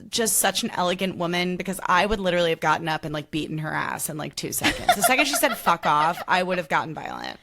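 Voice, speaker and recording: Woman podcast host, kinda low voice, chatty, says like a lot, does little impressions. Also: quick pace, vocal fry, few pauses. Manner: animated, lots of "like" fillers, mimics people. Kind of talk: casual chat.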